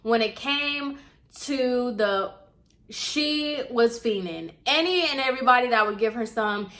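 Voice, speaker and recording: A woman's voice: on the high side, animated, a little slow, pushed and bright. A young adult woman vlogger retelling a personal story in casual, chatty storytime style, with many fillers.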